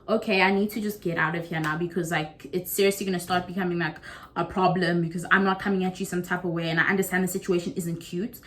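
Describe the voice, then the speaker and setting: Young woman, South African accent, casual vlog storytelling, lively acted-out quotes. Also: fast talker. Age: young adult. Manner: animated, acts out quotes with big pitch jumps. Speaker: YouTuber.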